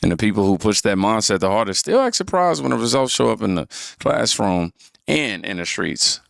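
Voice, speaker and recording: Deep gravelly man giving calm commentary. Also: fairly quick, dry recording, studio quality. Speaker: reaction channel host.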